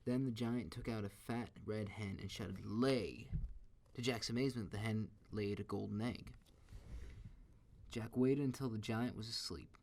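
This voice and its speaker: A man reading a children's story aloud in a steady, expressive way. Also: on the low side, moderate pace.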